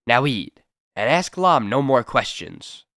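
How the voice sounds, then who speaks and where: A man's voice: medium pitch, sing-song, slow pace, a bit bright, no echo, full character voice. Brief: odd henchman in broken English, voiced by a man, dry close sound. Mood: sly cagey. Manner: broken English, sly and cagey. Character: strange male hospital servant, broken English.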